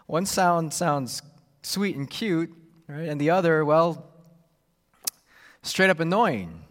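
A man preaching a sermon, expressive and repetitive, acting out the voices he quotes. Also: fairly high pitch, slow pace, in a large hall. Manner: expressive, acts out quoted voices, repeats words. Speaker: pastor.

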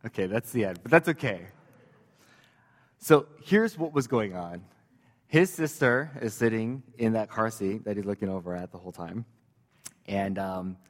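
A man's voice: on the low side, in a large hall. A man preaching a sermon as pastor, conversational and joking, with casual fillers and asides.

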